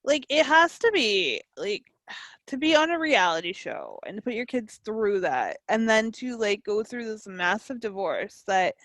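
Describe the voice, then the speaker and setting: A woman's voice: mid-range voice, very animated, fairly bright tone, no room sound. A woman co-hosting a podcast, chatting casually and agreeing often. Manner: quick to agree and laugh along. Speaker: podcast co-host. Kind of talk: casual chat.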